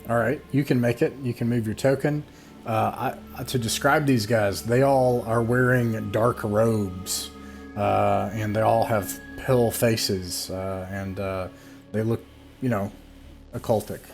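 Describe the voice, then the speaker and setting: Low-voiced man running a tabletop game. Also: fairly even intonation, gravelly, faint music behind. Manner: halting, many fillers and restarts. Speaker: game master. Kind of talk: narrating a tabletop game online.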